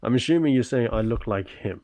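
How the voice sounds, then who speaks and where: A man's voice: mid-range voice, expressive, a little fast, dark tone, dry recording. A man from the UK chatting on his livestream, answering viewers politely and earnestly after a stretching session. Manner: polite and earnest, often thankful; talks while stretching and working out.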